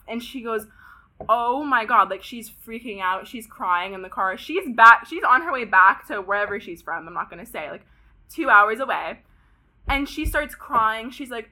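This woman, about twenty and from Pasadena, California, is a podcast guest telling a story in a casual interview. Her voice is a little high and her speed normal, and she's animated, saying "like" constantly and swearing often.

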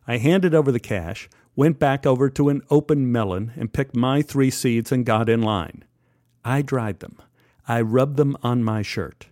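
A man's voice: medium pitch, measured pace, a little mellow, no room sound. A man from Texas telling a personal story in a wry, conversational way with dry humor. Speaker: podcast storyteller.

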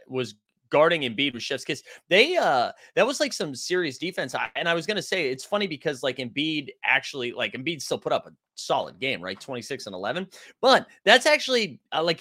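A man's voice: fairly high pitch, bright, forceful tone, no echo, studio quality. A man hosting a live stream, chatting casually and rambling with many fillers and restarts. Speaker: livestream host.

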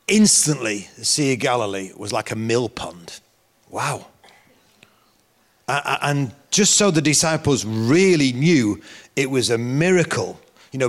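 Man, middle-aged, preacher, animated storytelling sermon, ordinary pitch. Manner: animated storytelling, rising loud for emphasis.

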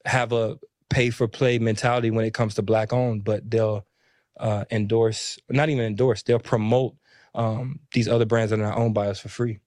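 A man's voice: fairly low pitch, little pitch movement, normal speed, a little mellow, no echo. A young man who founded a clothing brand, speaking earnestly and often checking in with "you know what I'm saying.". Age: young adult. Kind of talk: interview answer.

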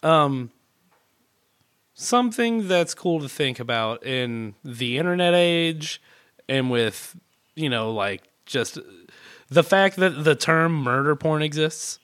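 Bright, lively podcast guy joking around. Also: on the high side, slow, smooth. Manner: joking, profane, slips into goofy impressions. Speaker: podcast co-host. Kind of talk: casual chat.

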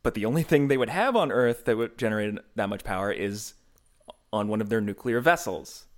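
A man's voice: fairly low pitch, brisk. A man co-hosting a podcast in casual chat, joking and laughing often. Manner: joking, lively, laughs loudly. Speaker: podcast co-host.

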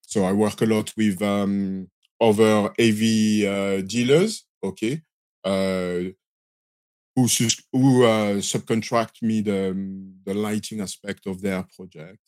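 A man's voice: fairly low pitch, steady tone, slow, a little mellow, dry recording. A man in his forties from France with a strong Marseille French accent, talking in a hesitant, filler-heavy way as an interview guest. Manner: hesitant, many fillers and restarts. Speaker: guest, lighting system designer. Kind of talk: casual interview talk.

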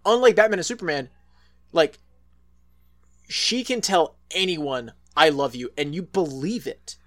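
A man talks through a story in a loose, casual podcast chat. His voice sits a little high, and he circles back with fillers and restarts as he goes. He swears freely along the way. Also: lively intonation, a little slow. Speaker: podcast co-host.

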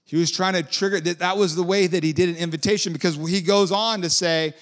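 A man's voice: high voice, steady tone, fairly quick. A man preaching a sermon in a conversational way, with lilting, sing-song emphasis and casual asides.

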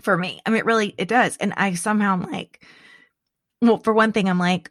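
Middle-aged female co-host, chatty and animated, frequent laughs and restarts, dry recording. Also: medium pitch, fairly quick, no echo. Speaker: podcast co-host. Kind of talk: casual chat.

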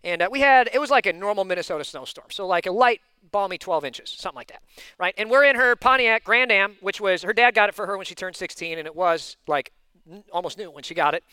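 A high-pitched man delivers a sermon in a clear, smooth voice. He talks in a chatty, storytelling way, full of fillers and asides. His delivery is intense, with sudden loud bursts, and the sound is dry. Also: fast, no echo. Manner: animated and intense, given to loud outbursts. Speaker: pastor.

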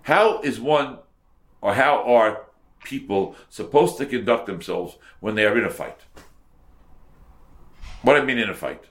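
A man's voice: mid-range voice, lively intonation, measured pace, pauses often, fairly bright tone. A man teaching a Torah class as a rabbi, translating verse by verse and repeating words for emphasis.

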